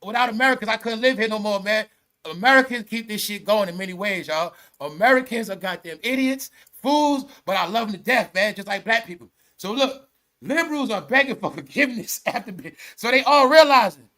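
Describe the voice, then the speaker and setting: A man's voice: high-pitched, a little fast, pushed and bright. A man giving casual, profane vlog commentary and breaking into laughter often. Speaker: online commentator.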